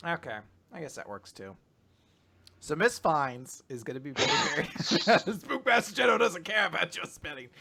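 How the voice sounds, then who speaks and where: A young man casually chatting as a podcast co-host, rambling through summaries and slipping into animated quoted voices. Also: a little high, moderate pace, gravelly. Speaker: podcast co-host recapping manga. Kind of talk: casual chat.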